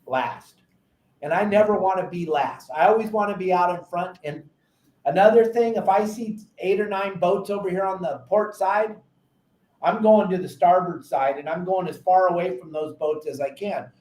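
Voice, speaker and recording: A man with a fairly high voice hosts a fishing talk show and tells animated stories, often acting out frantic quotes. He gives casual advice, and his voice rings in a roomy, echoey space. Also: moderate pace. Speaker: podcast host and fishing captain.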